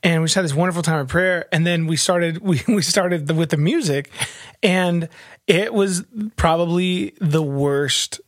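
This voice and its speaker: A chatty man co-hosting a church podcast, his voice sitting a little high. He laughs often and restarts his sentences. The sound is dry and close, with no room echo. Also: moderate pace. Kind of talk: casual chat.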